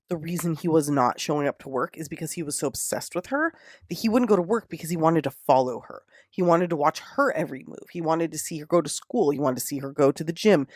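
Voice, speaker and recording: True crime podcast host, fired up and cussing, mid-pitch voice, dead dry room. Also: no room sound. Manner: indignant, profane, animated retelling. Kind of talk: casual true crime storytelling.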